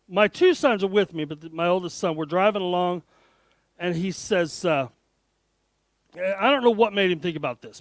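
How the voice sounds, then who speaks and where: A man's voice: high-pitched, no echo. A middle-aged man giving a motivational conference talk, telling humorous self-deprecating stories. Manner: storytelling, self-deprecating jokes, lively delivery. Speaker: conference speaker.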